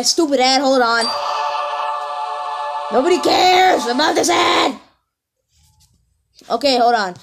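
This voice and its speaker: A woman rambling excitedly through casual reaction commentary, talking straight to her viewers. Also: fairly high pitch. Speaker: reaction video host. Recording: music under the voice. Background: video music playing.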